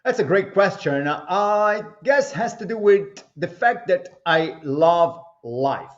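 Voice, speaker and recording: A man being interviewed as an author, answering in a measured way with pauses and fillers, on dull lo-fi remote audio. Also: high-pitched, lively intonation.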